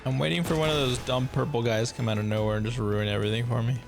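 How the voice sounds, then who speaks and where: A man's voice: medium pitch, steady tone, very fast, gravelly. A man streaming his reaction to a video game, commenting casually in a blunt, joking way that often repeats itself. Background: game audio and music.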